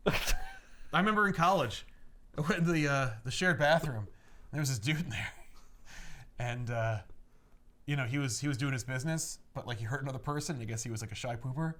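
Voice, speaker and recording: A young man co-hosting a casual comic book chat, animated and laughing, acting out characters as he recaps. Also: mid-range voice, fairly quick, long pauses. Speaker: podcast co-host.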